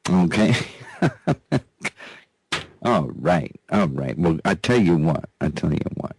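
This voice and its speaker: A man's voice: low voice, very animated, slow pace, creaky, a little hiss or hum. A man hosting a live talk radio show, delivering sarcastic news commentary with frequent mocking laughs and repeated phrases. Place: radio studio.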